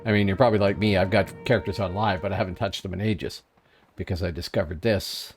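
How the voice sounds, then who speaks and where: A man's voice: low-pitched, steady tone, fast, soft background music. A man streaming an online game, chatting casually as he plays and answers viewers in chat. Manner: chatty, musing aloud, reading chat. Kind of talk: casual gameplay commentary.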